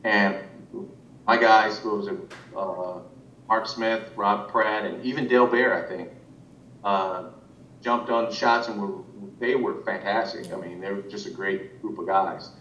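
Lowish voiced guy rambling about directing, restarts a lot, muffled roomy audio off-mic. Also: steady tone, a little slow, fairly bright tone, recorded from a distance. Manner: rambling, many restarts and fillers. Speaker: animation director. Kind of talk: casual interview talk. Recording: roomy, muffled sound from off-mic with faint rumble.

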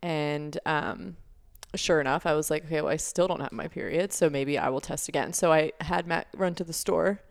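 A young woman co-hosting a podcast tells a story in casual chat, her low, gravelly voice moving at a moderate pace with hardly any pauses. She's chatty and uses lots of fillers.

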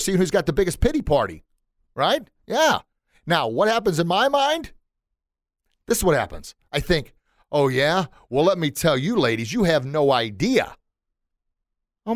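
This is a man hosting a motivational podcast in a studio, and he has a lot of energy. His voice keeps jumping upward as he tells his stories. The recording is close to the mic and bone dry. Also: no echo. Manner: energetic, storytelling, often jumping up in pitch. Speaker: podcast host.

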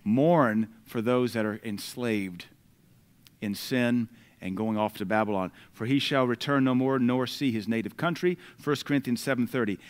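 Speaking in a middle-pitched voice with an American accent, a male preacher reads scripture in loud, emphatic bursts. Between readings he turns to the congregation with relaxed, conversational asides. His pace is moderate and his tone clear and resonant.

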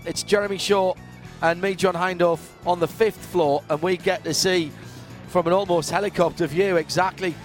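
A man hosting live race coverage from a commentary booth, with an expansive, lyrical build-up delivery. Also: sits high. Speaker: race broadcast host. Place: commentary booth above a racetrack.

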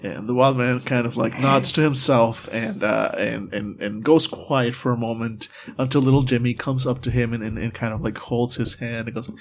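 A man narrating a tabletop game as game master, halting often with fillers and restarts. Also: medium pitch, fairly even intonation, a little hiss or hum.

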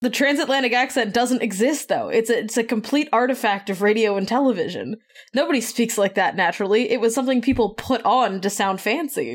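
A woman with a fairly high voice co-hosts a podcast in casual chat. She riffs in an animated way and laughs often as she talks. She is from Canada. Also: a little fast. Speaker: podcast co-host.

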